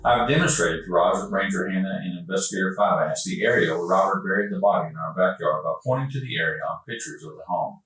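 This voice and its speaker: A man working as a police investigator, reading a witness statement aloud in a steady, measured way. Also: low-pitched. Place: interrogation room. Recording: echoey room picked up from far off.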